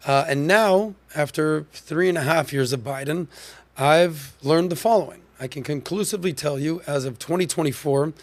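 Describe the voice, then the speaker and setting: A man hosting a podcast, delivering a punchy, emphatic commentary monologue. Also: fairly high pitch. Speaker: podcast host.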